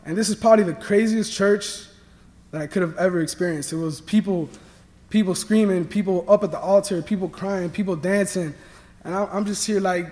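Young man, high-pitched voice, earnest halting testimony, long hall reverb. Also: fairly even intonation, a little mellow. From Miami, Florida. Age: young adult. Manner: earnest, halting, many restarts and fillers. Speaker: student athlete sharing testimony. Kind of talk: personal faith testimony.

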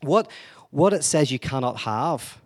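A man's voice: medium pitch, animated, unhurried. Brief: male lecturer, mid-range voice, chatty and playful, slips into quoted voices. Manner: conversational, joking, acts out quoted speech. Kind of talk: informal lecture.

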